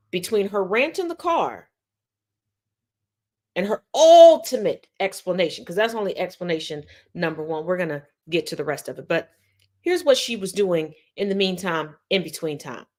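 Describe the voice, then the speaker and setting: A woman's voice: fairly low pitch, big pitch swings, normal speed, a little mellow. A woman hosting a commentary video, breaking down clips in a sarcastic, mocking, pointed way. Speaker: commentary host.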